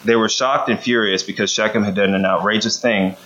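A man's voice: fairly low pitch, steady tone, fairly quick, fairly bright tone. A man giving a conversational sermon, often checking in with the room by asking "right?". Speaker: preacher. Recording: dull lo-fi sound.

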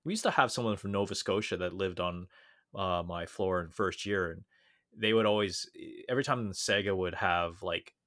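A man co-hosting a podcast in casual chat, talky and quick to laugh, with plenty of fillers and restarts. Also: low-pitched, a bit bright. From Canada. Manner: chatty, laughs often, many fillers and restarts. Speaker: podcast co-host.

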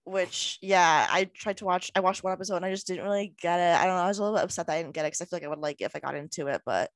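A young woman co-hosting a podcast in casual chat, blunt and swearing, breaking into loud laughter. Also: fairly low pitch, rapid-fire, dry recording. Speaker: podcast co-host.

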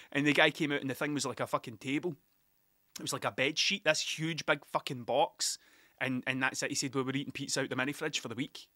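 A man's voice: mid-range voice, fairly even intonation, fast, pushed and bright, no room sound, studio quality. A young Scottish man hosting a solo podcast, rambling casually from topic to topic and swearing freely. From Scotland. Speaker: podcast host.

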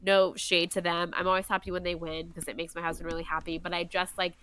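A young woman, co-hosting a casual podcast chat, animated and full of "like" and "you know". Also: fairly low pitch, quick pace, smooth. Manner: chatty and animated, many "like" and "you know" fillers. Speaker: podcast co-host.

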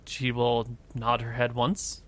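A man narrating as game master in a tabletop role-play, relaxed and filling pauses with "um". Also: medium pitch, slight background noise. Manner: relaxed narration with frequent fillers.

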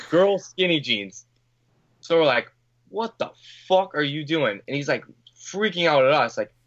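A male podcast guest with a voice on the high side and a bit bright, the recording's highs cut off. He tells stories casually and rambles, loose and filler-heavy, swearing and acting out quotes.

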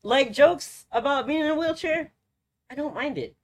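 Young male podcast co-host, lively up-and-down delivery, swears freely, laughs at himself. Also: very high-pitched, moderate pace. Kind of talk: casual chat.

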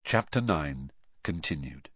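Lively male audiobook narrator. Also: extremely low pitch, a little slow, breathy edge, dry recording. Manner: expressive, lively storytelling. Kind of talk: audiobook reading. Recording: dry, dull lo-fi recording.

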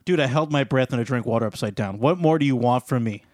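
A man's voice: mid-range voice, fast, no echo, clean studio sound. A young man with the hiccups in casual podcast chat, joking and brash. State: has the hiccups. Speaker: podcast co-host.

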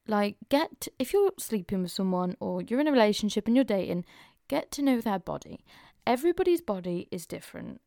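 A woman's voice: medium pitch, gravelly, darkish tone, no echo, clean studio sound. A young woman hosting a podcast, chatting frankly and openly with lots of casual fillers. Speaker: podcast host. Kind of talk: casual confessional chat.

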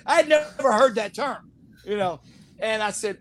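High-pitched guy telling lively stories on a video call, laughs a lot, faint hiss behind. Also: normal speed. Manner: animated storyteller, laughs often, acts out quotes. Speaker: interview guest, actor. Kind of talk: casual storytelling interview.

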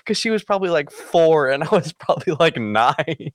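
A man telling a story in casual chat with friends, animated and acting out quoted lines. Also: brisk, hardly any pauses, no room sound, studio quality. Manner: animated, acts out quotes with big pitch jumps. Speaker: podcast co-host.

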